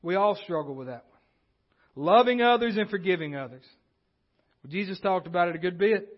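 A man with a high-pitched voice delivers a sermon from the pulpit, speaking conversationally and often stumbling into restarts. The sound is dull and lo-fi, as if captured on modest equipment. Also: expressive, moderate pace. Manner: conversational preaching with frequent restarts. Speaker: pastor. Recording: dull lo-fi recording.

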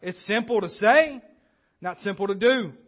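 A man with a high-pitched voice delivers a sermon from the pulpit, speaking conversationally and often stumbling into restarts. The sound is dull and lo-fi, as if captured on modest equipment. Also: normal speed. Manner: conversational preaching with frequent restarts. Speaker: pastor. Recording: dull lo-fi recording.

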